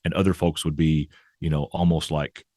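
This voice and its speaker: Deep-voiced man explaining calmly. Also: moderate pace, dry recording, studio quality. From American South. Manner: thoughtful, many restarts and "right?" tags. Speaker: linguistics professor guest. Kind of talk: explanatory interview talk.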